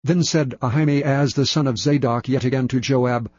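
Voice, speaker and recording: A man's voice: mid-range voice, steady tone, normal speed, darkish tone, lo-fi sound. Reverent man reading scripture. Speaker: scripture reader.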